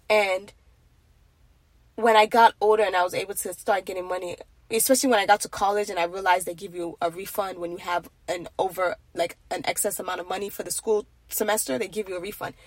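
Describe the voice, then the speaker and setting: A woman's voice: mid-range voice, no room sound. Earnest young woman on faith. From Nigeria. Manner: earnest, rambling with restarts. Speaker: faith vlogger. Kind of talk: casual faith monologue.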